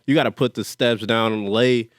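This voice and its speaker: A man's voice: medium pitch, fairly even intonation, moderate pace, no echo. A man hosting a casual chat, laid-back and laughing often. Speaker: host.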